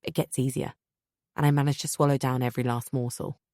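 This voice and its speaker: Low-voiced woman narrating an audiobook. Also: level tone, fast talker, mellow, no echo, studio quality. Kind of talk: first-person audiobook narration.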